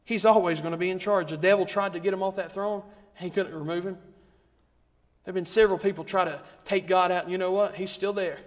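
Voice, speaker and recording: High-voiced preacher in a reverberant church. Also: male voice, fairly even intonation, a little fast. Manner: rhythmic, repetitive preaching with rising emphasis. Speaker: guest preacher. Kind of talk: sermon. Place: church sanctuary. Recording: long reverb of a church hall.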